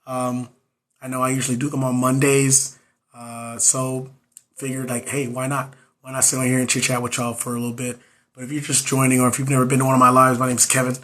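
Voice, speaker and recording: Hoarse man chatting on a livestream. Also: mid-range voice, completely flat delivery, a little fast, bright, forceful tone. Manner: loose and chatty, repeats greetings. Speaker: nurse and exam coach hosting a livestream. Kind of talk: casual livestream chat.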